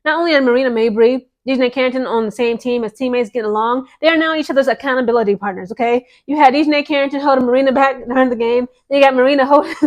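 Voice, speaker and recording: A woman vlogging casual basketball gossip commentary, animated and peppered with "okay?". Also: sits high. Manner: animated, repeats "okay?" often.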